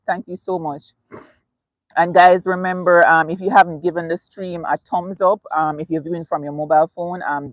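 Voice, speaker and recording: A woman's voice: low-pitched, no room sound. A woman hosting a casual live stream, reading viewer comments aloud, chatty and laughing often. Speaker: livestream host.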